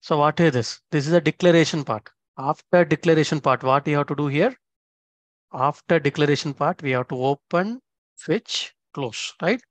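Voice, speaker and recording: A man's voice: fairly high pitch, normal speed, no echo. A man teaching a programming lesson step by step. He often stops to check in with "okay?". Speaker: instructor. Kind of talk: screen-recorded coding tutorial.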